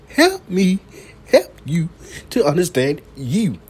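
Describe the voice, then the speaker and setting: A man hosting a late-night solo podcast, talking slowly and profanely and returning again and again to one catchphrase. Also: sits high, huge pitch swings, a little mellow, husky. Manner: slow, profane, repeats a catchphrase; coughs now and then. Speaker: podcast host. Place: downtown building at night.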